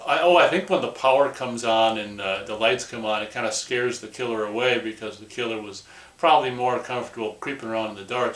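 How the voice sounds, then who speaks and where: A man's voice: mid-range voice, a bit bright, roomy sound, poor audio. A man casually reviewing a movie in a loose, rambling way, with lots of "or whatever" asides.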